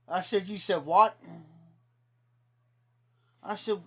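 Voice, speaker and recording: A man's voice: sits high, a bit bright, husky. A man with an Ohio accent telling a rambling, indignant story in a casual livestream, repeating "I said" as he goes. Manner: drawling, slow-paced delivery.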